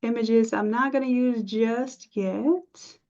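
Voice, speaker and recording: A woman teaching a live software design class, chatty and encouraging, thinking aloud as she works. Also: fairly high pitch, fairly even intonation, slow. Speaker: design instructor. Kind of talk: live screen-share tutorial. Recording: dull lo-fi stream audio.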